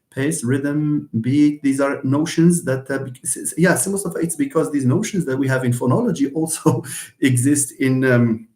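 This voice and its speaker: In a live online lecture on linguistics, a man responds to comments in a middle-range, slightly mellow voice. His delivery is halting and slow, full of fillers, restarts, and repeated words, and he draws out example words to demonstrate their sounds. The recording has a roomy echo.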